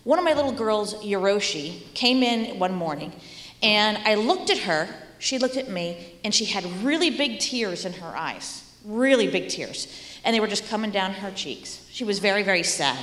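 Animated woman giving a children's sermon. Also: medium pitch, normal speed. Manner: animated, talks to children, drops to soft whispers. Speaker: children's message leader and teacher. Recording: echoey hall.

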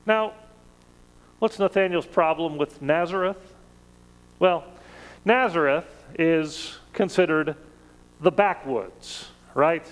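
A man preaching a sermon in a measured, conversational way, with emphatic rises on key words. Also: fairly high pitch, long reverb tail, poor audio.

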